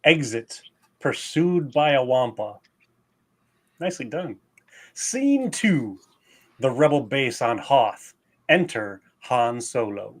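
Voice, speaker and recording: A man's voice: medium pitch, slow pace. A man narrating stage directions at a live play reading.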